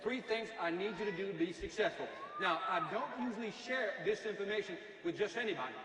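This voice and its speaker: A middle-aged man delivers a motivational talk, telling lively stories with jokes in a high voice at a fast clip. The recording is distant, in an echoey hall, with background noise.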